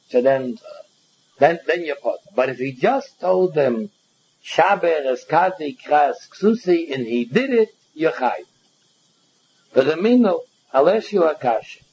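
A man's voice: fairly high pitch, a little mellow, slightly rough, muffled recording. A man teaching a Talmud class, explaining step by step and often repeating words as he goes.

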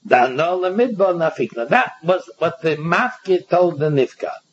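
A man with a Yeshivish English accent teaching a Talmud passage aloud, reading lines and then explaining them, often halting and repeating words. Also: on the high side, animated, a little hiss or hum. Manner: halting, repeats words and restarts, reads Aramaic then translates. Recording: dull lo-fi recording.

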